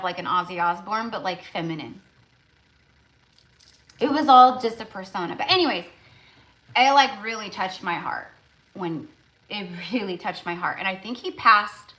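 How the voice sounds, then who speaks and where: A woman's voice: medium pitch, sharp tone. A woman tarot reader talking casually on a live stream, rambling and emotional, with lots of fillers.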